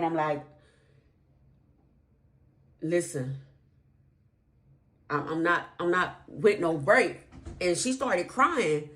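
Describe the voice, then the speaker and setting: Low-voiced woman telling a story. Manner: emphatic, repetitive, slangy. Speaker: vlogger. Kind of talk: storytime vlog, casual storytelling.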